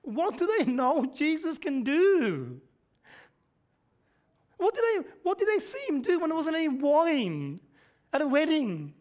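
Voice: high-pitched, big pitch swings, measured pace, pauses often, a little mellow. Pastor, chatty sermon style, fires rhetorical questions, chuckles through lines. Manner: conversational, quizzes the congregation, frequent rhetorical questions; chuckles often mid-sentence. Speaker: preacher.

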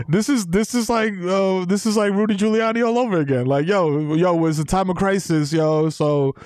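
A man from New York talks in animated comedic podcast banter. His voice sits high, and the recording is dry and close. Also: normal speed, dry recording. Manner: animated, says yo a lot. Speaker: podcast co-host.

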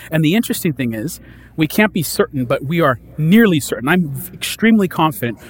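A man preaching a sermon in a casual, conversational way, reading scripture and explaining it with lively asides. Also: a little high, a little fast. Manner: conversational, animated, acts out disciples' lines. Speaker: pastor.

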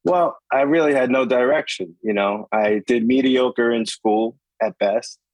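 A man's voice: medium pitch, a little slow, a little mellow, no room sound, rough recording. A middle-aged man with a New York accent, a guest musician talking in a laid-back, filler-heavy way on a video call. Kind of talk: casual interview chat.

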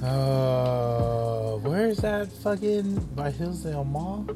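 A man's voice: mid-range voice, slow, over music. A man in a casual podcast chat who asks short, curious questions.

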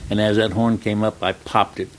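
A man's voice: fairly low pitch, fairly quick. Older man telling a stunt story. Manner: relaxed, plain-spoken anecdote telling with quoted dialogue. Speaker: retired stuntman guest. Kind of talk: storytelling in an interview.

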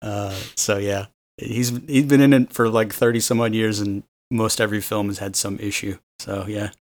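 A man's voice: lowish voice, steady tone, moderate pace, dry recording. A man co-hosting a casual film podcast, rambling and trailing off into "so, yeah.". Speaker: podcast co-host. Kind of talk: casual chat.

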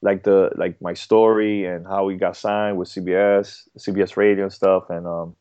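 A man talking as a podcast guest in a casual interview, halting and full of fillers and repeated words. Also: deep voice, flat delivery, warm tone, clean tone, no room sound. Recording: dull dry podcast audio.

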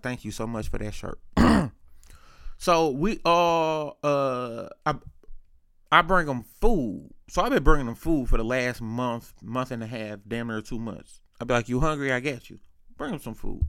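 A young man tells a personal story in a relaxed, rambling way. His voice sits at an ordinary pitch for a man and is recorded close and dry. His talk is full of slang, he quotes other people, and he clears his throat now and then. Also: no room sound. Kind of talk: casual storytelling.

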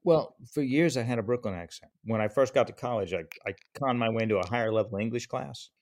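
A man with a smooth, mellow Southern American accent, chatting as a podcast guest and telling stories with animation. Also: mid-range voice, quick pace. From Alabama. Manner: animated anecdotal storytelling. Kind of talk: casual podcast chat.

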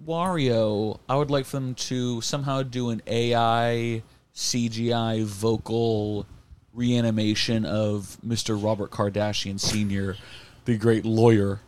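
A man's voice: lowish voice, little pitch movement, a little slow, a little mellow. A man in casual podcast chat, joking around in a crude, rambling way.

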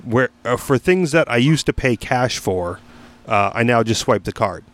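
A man's voice: mid-range voice, lively intonation, normal speed. A man hosting a casual podcast chat, telling a rambling story full of fillers and restarts, with casual swearing. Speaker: podcast host.

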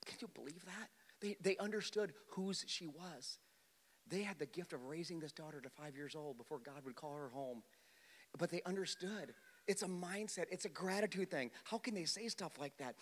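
A male pastor preaching a sermon, swinging from loud, emphatic points to quiet storytelling, often repeating words and speaking straight to the congregation. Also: fairly high pitch, expressive, fairly quick. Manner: repeats words, restarts, addresses the congregation directly. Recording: long hall reverb.

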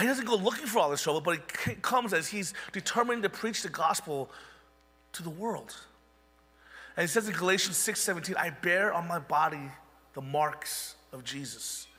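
Man, pastor, sermon, bright tense tone, chatty asides. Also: on the high side, expressive, moderate pace, big-room sound. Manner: conversational preaching with wry asides.

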